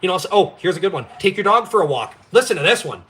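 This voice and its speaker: A man's voice: sits high, very animated, fast talker, fairly bright tone. A young man from Canada hosting a live stream, ranting in a blunt, profane, fired-up way. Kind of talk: ranting casual chat.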